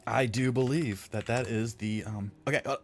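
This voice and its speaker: Editing textures on a live stream of his game-modding, a man chats and jokes with viewers in a rambling way. He speaks in a steady, mid-range voice at a moderate pace over soft background music.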